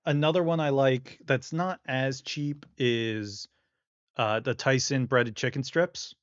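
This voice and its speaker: A man in his thirties chats casually on a podcast at an ordinary pitch. He jokes about himself and laughs a lot. His voice sounds a little dull and muffled, in a dry space. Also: steady tone, slow pace, smooth, no echo. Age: 30s. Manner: laughs often, joking and self-mocking. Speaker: podcast co-host. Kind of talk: casual chat.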